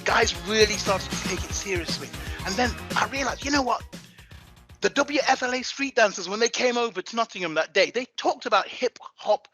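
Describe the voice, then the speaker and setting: A man in his fifties from England, an event MC talking in a casual interview, hyped and animated. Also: high voice, brisk, breathy edge, faint music behind, rough recording. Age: 50s. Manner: hyped and animated, swinging into playful voices.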